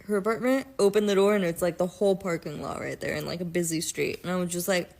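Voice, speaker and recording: A woman's voice: lowish voice, fast, a little mellow. Blunt, foul-mouthed woman telling a story. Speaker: TikTok storyteller. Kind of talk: casual storytime.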